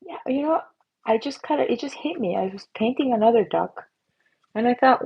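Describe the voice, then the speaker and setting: A woman's voice: fairly high pitch, lively intonation, normal speed, gravelly, breathy edge, muffled recording. A middle-aged woman hosting a casual livestream while she paints, chatty and playful, slipping into silly voices and whispers. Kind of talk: casual live-stream chat while painting. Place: at her painting desk.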